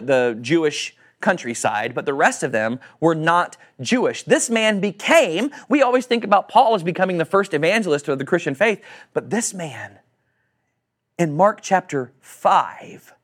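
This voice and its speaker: A man preaching a sermon to a congregation, animated, acting out quoted voices and asking questions. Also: a little high. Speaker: pastor.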